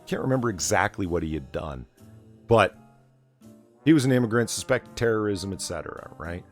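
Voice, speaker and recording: A man's voice: fairly low pitch, animated, brisk, faint music behind. A man hosting a late-night casual chat, talking in a sardonic, profane rant. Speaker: host.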